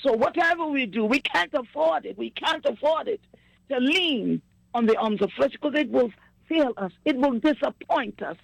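A woman's voice: high-pitched, expressive, moderate pace, gravelly, rough recording. A woman chatting with family about her travels and faith, effusive and repetitive, sliding into a preachy tone. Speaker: singer sharing news with family. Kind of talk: casual chat.

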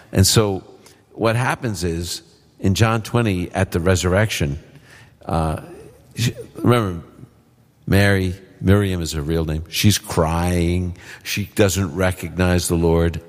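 A man answering Bible questions before a live audience, explaining in a relaxed, conversational way. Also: deep voice. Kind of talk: call-in Bible Q&A. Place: live event hall with audience. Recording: long hall reverb.

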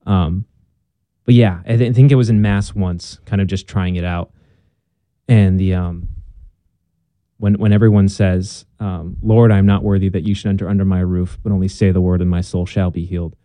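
A young man speaks as a guest in an unhurried conversation, earnest and a little halting as he restarts his sentences. His voice is very dark and mellow, sitting on the low side. The sound is dry and close. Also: fairly even intonation, dry recording. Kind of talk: casual conversation.

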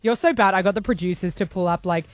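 A woman's voice: medium pitch, quick pace, no room sound. An Australian woman co-hosting a radio show, chatting and teasing her co-hosts. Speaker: radio co-host. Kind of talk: casual radio banter.

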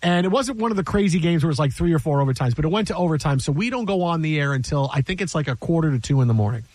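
A man with a high, lively voice hosts a sports radio show from the studio. He tells stories with energy, acts out what people said and laughs easily. The sound is close and dry. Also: rapid-fire, dry recording. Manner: animated storyteller, acts out quotes, laughs often. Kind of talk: casual sports radio chat. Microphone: studio mic.

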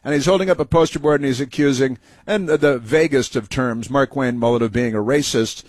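A man's voice: mid-range voice, fairly quick, no echo. A male talk show host delivers scornful, sarcastic commentary between clips. His voice sits in an ordinary middle range and comes through a close, completely dry studio mic with no room sound at all. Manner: mocking, sarcastic running commentary. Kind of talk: political commentary over clips.

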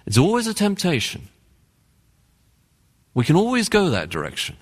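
Preacher guy giving a sermon, really animated pitch, earnest, big echo like a church hall. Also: slightly rough. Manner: earnest, emphatic, varied pacing with dramatic pauses. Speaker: pastor.

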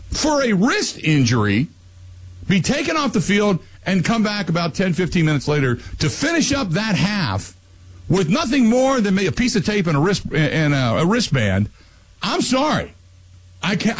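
A man hosting a radio talk show, plugging an event and then ranting, his voice climbing high when worked up. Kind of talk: casual radio talk and rant.

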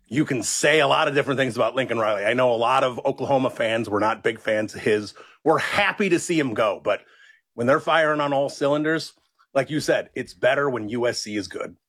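A man's voice: medium pitch, fairly quick, a bit bright, slightly rough. A man who is a radio show's producer, out of breath and upbeat as he reads a trivia question. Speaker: executive producer, trivia segment. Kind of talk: casual sports talk radio.

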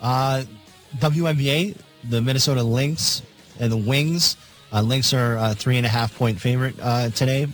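A man reading sports betting lines on a radio show, matter-of-fact, with halting fillers. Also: mid-range voice, soft background music, poor audio.

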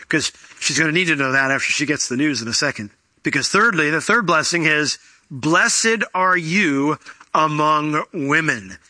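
A man preaching a sermon, explaining scripture and acting out the quoted lines with sudden jumps in pitch. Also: no room sound. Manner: animated, acts out quoted voices with big pitch jumps. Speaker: pastor.

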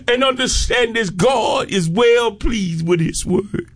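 A man preaching a fervent sermon, rising into shouted peaks and stretching out his phrases. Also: very high-pitched, unhurried, hardly any pauses.

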